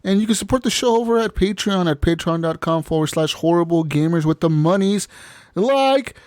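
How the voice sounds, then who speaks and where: A man's voice: sits high, lively intonation, a little fast, darkish tone, dry recording, studio quality. A man hosting a casual gaming podcast, loose and laughing, swearing now and then. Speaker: podcast host.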